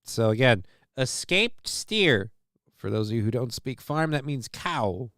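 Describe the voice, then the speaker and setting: A man's voice: medium pitch, moderate pace, dry recording, clean studio sound. A man hosting a casual news show, reading stories aloud and riffing on them with irreverent, profane asides. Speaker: show host.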